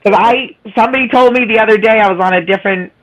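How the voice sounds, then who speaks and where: A woman's voice: a little high, very fast, lo-fi sound. Stream host: chatty woman, nasal tone, teases her guests and laughs easily. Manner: chatty, teasing, laughs often. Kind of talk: casual chat.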